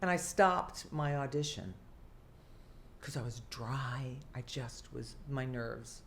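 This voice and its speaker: An older woman, an actress telling a lively story from her career in an interview, often acting out what people said. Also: extremely low pitch, slow pace, slight background noise. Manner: animated, theatrical storyteller who acts out quotes. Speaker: guest actress.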